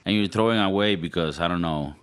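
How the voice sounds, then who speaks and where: A man's voice: low-pitched, fast talker, clear, resonant tone. A man from Venezuela, a podcast co-host, rambling and laughing in casual chat.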